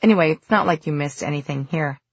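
A woman's voice: low voice, fast, vocal fry, husky, no room sound, dull audio, exaggerated voice. A reader doing a wry, joking young woman. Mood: wry teasing. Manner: wry, sarcastic, casual.

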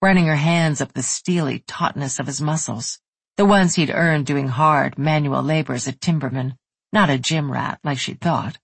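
An audiobook narrator giving a soft, unhurried, intimate reading of a romance novel. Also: mid-range voice, gravelly, breathy edge, dry recording.

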